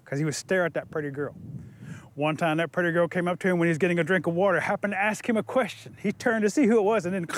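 A man telling a traditional story in a lively, playful way with asides to listeners. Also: high voice, quick pace.

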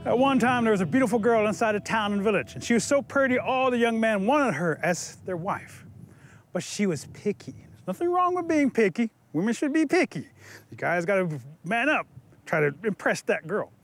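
High-voiced, expressive male storyteller. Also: normal speed, faint music behind. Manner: lively, expressive, conversational. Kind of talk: oral folk storytelling. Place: museum.

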